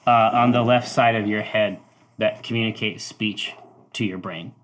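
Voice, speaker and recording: A man narrating as game master of a tabletop game, halting and laughing often. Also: on the low side, fairly even intonation.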